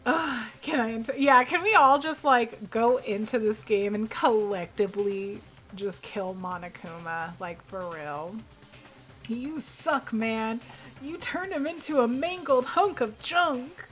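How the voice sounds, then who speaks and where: A woman's voice: fairly high pitch, a little slow, a bit bright. A young woman streamer chatting casually while playing, venting in emphatic, expletive-heavy bursts. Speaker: game streamer. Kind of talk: casual live-stream chat. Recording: stream with faint background music.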